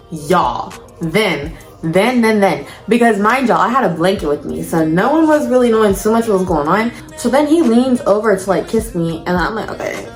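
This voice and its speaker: A woman's voice: mid-range voice, reverberant. A young woman telling a storytime vlog to her viewers in casual slang, addressing them as y'all. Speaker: storytime vlogger.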